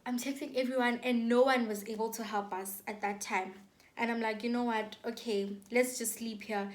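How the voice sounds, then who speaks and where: A woman's voice: fairly high pitch, steady tone, normal speed. A young South African woman telling a dramatic storytime on her vlog, with lots of repetition and acted-out quotes. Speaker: YouTuber.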